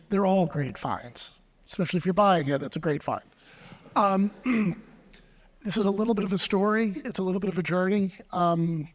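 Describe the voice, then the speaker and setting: A man with a high voice tells a collecting anecdote on a panel, clearing his throat now and then and trailing into fillers. His voice rings with the long reverb of a large hall. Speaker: antiques dealer. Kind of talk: panel discussion storytelling.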